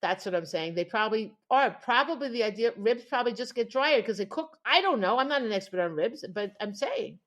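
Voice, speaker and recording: Woman telling a story, slightly high voice, bouncy delivery, acts out the quotes. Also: animated, brisk, few pauses, fairly bright tone. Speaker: podcast co-host. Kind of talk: casual chat.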